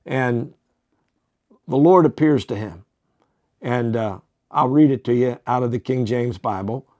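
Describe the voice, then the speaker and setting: A man's voice: medium pitch, a little slow, dark tone, no room sound. A man, a pastor teaching the Bible on a podcast, reading verses aloud and commenting with fillers and self-corrections.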